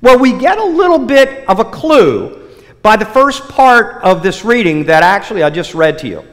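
A man preaching a sermon, opening with a joke told in a lively storytelling way with many restarts. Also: sits high, normal speed. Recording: long hall reverb.

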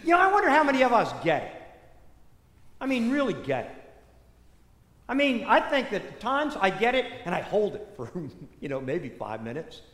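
A parish priest giving a sermon in a church, telling the story in a conversational, animated way with many asides. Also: male voice, high-pitched, normal speed, long pauses. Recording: echoey church hall reverb.

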